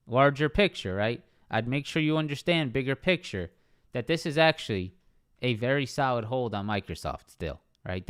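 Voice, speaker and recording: A young man talks through stock charts on a live trading stream. His voice is smooth and clear, and his pitch sits mid-range. He speaks casually, keeps repeating key levels and keeps checking in with "right?". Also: fairly bright tone. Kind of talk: live market analysis stream. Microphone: streaming microphone.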